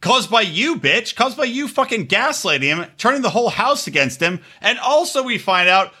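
Animated, bright-voiced man ranting profanely. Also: sits high, moderate pace, hardly any pauses, breathy edge. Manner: heated, mocking impressions of reality stars. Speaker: podcast host. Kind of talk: profane comedic rant.

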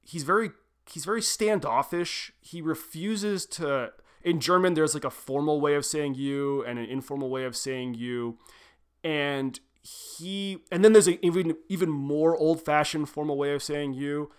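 A young adult man co-hosts a literary podcast, speaking unhurriedly in a slightly high, clean-toned voice. He rambles loosely and corrects himself, with frequent restarts and plenty of "like" and "um."

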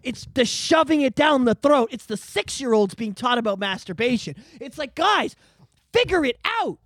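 A man's voice: very high voice, lively intonation, normal speed, a bit bright, no echo. A man hosting a casual podcast, from Canada, ranting emphatically with constant profanity. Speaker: podcast host.

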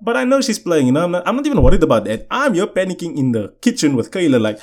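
A man's voice: high voice, very animated, fast talker. A young man, telling a story casually to viewers in a rambling way with many restarts. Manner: rambling, restarts sentences, keeps asking "you know what I'm saying". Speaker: vlogger.

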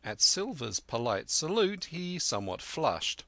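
A man narrating a classic adventure novel in a steady, clear reading voice. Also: on the high side, unhurried, no echo. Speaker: audiobook narrator. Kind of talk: scripted narration.

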